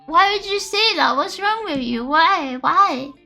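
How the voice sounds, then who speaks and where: A young woman chats with her stream audience in a high, bright, sharp voice. She rambles and spirals into theatrical, exaggerated complaints. Faint lofi music plays quietly underneath. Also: expressive, a little slow. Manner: rambling, melodramatic ranting to chat. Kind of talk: casual livestream chat.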